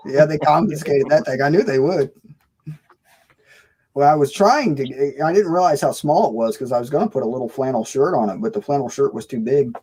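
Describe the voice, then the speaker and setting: Mellow-voiced man hosting a chat stream. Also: medium pitch, fairly quick, breathy edge, rough recording. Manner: joking, asks questions. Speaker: live stream host. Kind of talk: casual chat.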